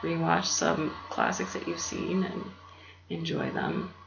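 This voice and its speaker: A woman hosting her own channel, rambling in a soft, half-whispered, meandering way and laughing often, recorded on a laptop. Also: low-pitched, wildly swooping pitch, slow pace, gravelly. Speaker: YouTube channel host. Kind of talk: rambling casual monologue. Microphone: laptop mic. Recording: roomy, dull lo-fi with faint hum.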